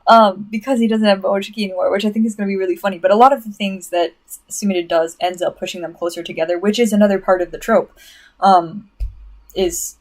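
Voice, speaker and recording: A woman streaming casually and answering chat, chatty and excitable, full of "like" and "um" as she rants. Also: mid-range voice. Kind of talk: casual livestream rant.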